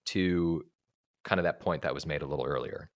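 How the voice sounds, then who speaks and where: A man's voice: extremely low pitch, a little fast. A man on a podcast, casually retelling a film scene and acting out its lines with loose, profane talk. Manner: animated storyteller acting out lines. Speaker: podcast co-host.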